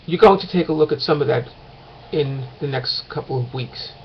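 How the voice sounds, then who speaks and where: A man's voice: on the high side, moderate pace, dull audio, slight background noise. A man teaching a course in a casual recorded lecture, talking late at night at home and rambling with many fillers and restarts.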